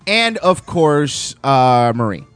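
Lively, animated man hosting a podcast. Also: mid-range voice, slow, clean tone, no echo, faint music behind. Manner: laughs often, animated and incredulous. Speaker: podcast host. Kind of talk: casual live podcast banter.

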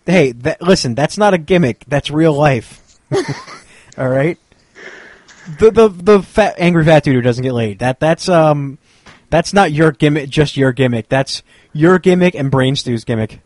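A man's voice: fairly high pitch, expressive, measured pace, darkish tone, no echo. A man co-hosting a podcast, bantering casually and joking, with frequent stammered restarts. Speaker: podcast co-host.

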